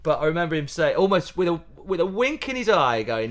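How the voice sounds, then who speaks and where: A man, a pantomime comedian chatting as a guest in a casual interview, animated and laughing, often restarting his sentences. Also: on the high side, a little fast, few pauses. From Yorkshire, England.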